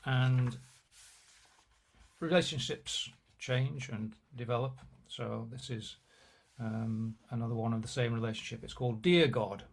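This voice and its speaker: A man's voice: mid-range voice, steady tone, measured pace, vocal fry. Man reading poems on a video call. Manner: wry, chatty asides between poems. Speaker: poet reading his work.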